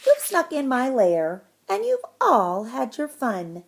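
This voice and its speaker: A woman voicing a grumpy big male bear who sulks loudly in a storybook read-aloud. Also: sits high, wildly swooping pitch, slow pace, vocal fry, pitched above the performer's own voice, heavily acted. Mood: sulky. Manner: loud, whiny complaining.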